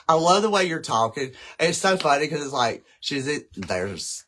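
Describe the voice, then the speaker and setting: A man's voice: fairly high pitch, sing-song, moderate pace, vocal fry, fairly bright tone, slight background noise, rough recording. A man hosting a casual craft livestream, chatting and rambling straight to his viewers.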